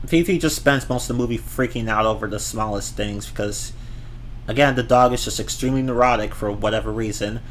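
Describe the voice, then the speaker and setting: A man's voice: fairly low pitch, fairly quick, a little hiss or hum. Man, ranting movie review, exasperated, swears a lot, stumbles and restarts. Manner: exasperated, profane, repeats and restarts words.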